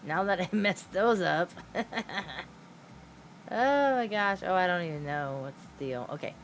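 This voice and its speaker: A woman's voice: fairly low pitch, lively intonation, a little slow, slight background noise. A middle-aged woman streaming a game, chatting casually and telling stories, giggling often and swearing now and then. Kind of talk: casual livestream chat while playing.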